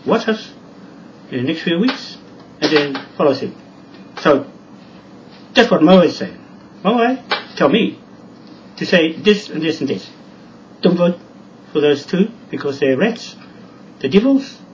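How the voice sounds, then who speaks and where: A man's voice: fairly high pitch, distant mic, dull audio, a little hiss or hum. A man giving a rambling, repetitive video monologue full of warnings. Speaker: video blogger.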